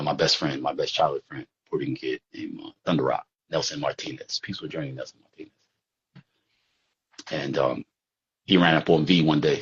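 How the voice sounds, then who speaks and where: A man's voice: rumbling low, husky. A man around sixty, telling a rambling, profane street story in casual talk. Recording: dull lo-fi recording.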